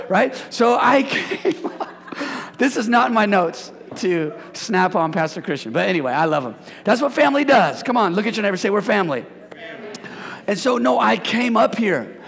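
Gravelly high-voiced preacher in a reverberant hall. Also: male voice. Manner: playful, energetic, joking with the congregation. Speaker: pastor. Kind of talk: sermon. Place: church sanctuary. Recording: long reverb of a church hall.

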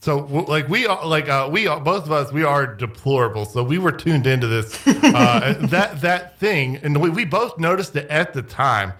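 Give me a rambling man co-hosting a podcast, bright and a little high. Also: expressive, normal speed, hardly any pauses. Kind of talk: political podcast chat.

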